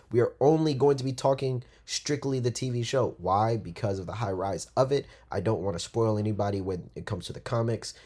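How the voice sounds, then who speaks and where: A man's voice: lowish voice, darkish tone, breathy edge. A young man hosting a casual commentary video, slangy and hyped, often repeating himself. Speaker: video essay host.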